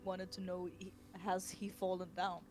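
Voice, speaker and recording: Player at a tabletop game, kinda halting, trips over words. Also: mid-range voice, completely flat delivery, darkish tone. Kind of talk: casual tabletop play.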